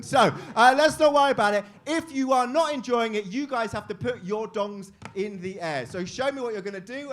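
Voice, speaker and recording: A man hosting a live comedy show, teasing the audience with crude, quick-witted crowd work. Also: high-pitched. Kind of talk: crowd-work stand-up banter.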